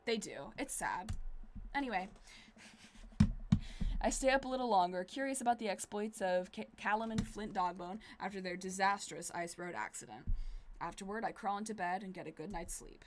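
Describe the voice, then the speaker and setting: A woman's voice: medium pitch, normal speed, slight background noise. A woman streaming a dating game, reading it aloud with wry, chatty commentary. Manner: wry, chatty, deadpan asides.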